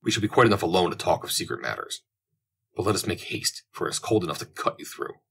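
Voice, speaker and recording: A man voicing an excitable old sea captain in an audiobook, blustering and exclamatory. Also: low voice, quick pace, creaky, husky, exaggerated voice. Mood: gruff.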